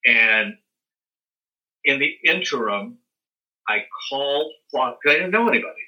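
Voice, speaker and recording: An older American man, an interview guest, telling a long story in a casual, animated way. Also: medium pitch, unhurried, lo-fi sound. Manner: animated storyteller, acts out quotes and sings dance beats.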